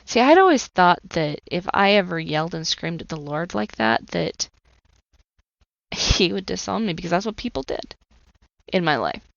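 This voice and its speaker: A woman's voice: fairly low pitch, sing-song, moderate pace, vocal fry, dry recording. Female podcast host and coach, 30s, earnest testimony, slightly muffled recording. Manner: earnest, emotionally open storytelling. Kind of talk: personal testimony monologue.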